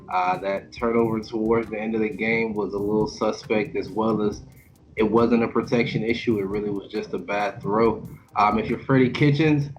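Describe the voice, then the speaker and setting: A man co-hosting a sports podcast, giving measured football analysis with frequent fillers. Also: mid-range voice, muffled recording. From Orlando, Florida. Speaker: podcast co-host. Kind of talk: casual sports analysis chat.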